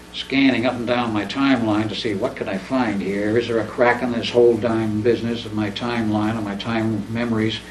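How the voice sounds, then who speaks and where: A man casually telling a long, rambling personal story in a living-room chat, acting out the dialogue as he goes. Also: fairly low pitch. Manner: rambling, animated, acts out quoted dialogue. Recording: roomy, distant mic, faint background noise.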